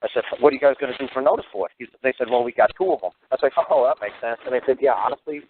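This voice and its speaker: Brief: rapid, salty male radio host, animated storyteller, thin phone-quality audio. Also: medium pitch, a little hiss or hum. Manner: blunt, profane, animated storyteller. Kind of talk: call-in radio talk, storytelling.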